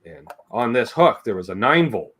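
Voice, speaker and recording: A man telling casual stories as a livestream guest. His voice is bright and very animated, and the stories ramble along, full of jokes and quick imitations of his relatives. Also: medium pitch, breathy edge.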